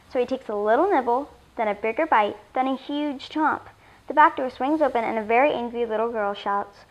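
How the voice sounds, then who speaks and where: A woman reading a children's story aloud in an expressive storytelling voice. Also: a little high, fairly quick, lo-fi sound. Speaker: story reader.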